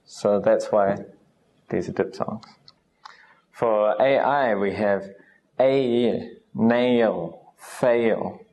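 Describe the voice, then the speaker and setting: Low-ish guy giving a pronunciation lesson, takes it real slow, spells out each sound. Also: darkish tone. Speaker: English teacher.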